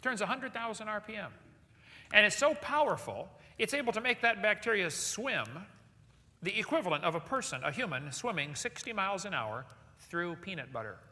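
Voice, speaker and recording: A man's voice: sits high, very animated, moderate pace, sharp tone. A man giving a live seminar lecture to an audience, firing off rhetorical questions with joking asides. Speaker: seminar speaker. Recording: echoey hall with long reverb.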